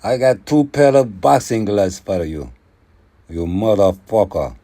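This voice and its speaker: A man's voice: lowish voice, animated, a little slow, mellow, pitched below the performer's own voice. A man putting on a rich male sheikh boxing promoter who speaks blunt broken English and keeps repeating himself. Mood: pushy. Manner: broken English, repetitive chanting.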